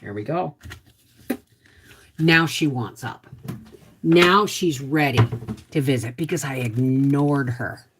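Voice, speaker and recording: A woman's voice: very deep voice, slow, long pauses, a little hiss or hum. A woman hosting a casual livestream from her home, chatting, greeting viewers by name and talking to her dog. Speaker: homestead livestream host.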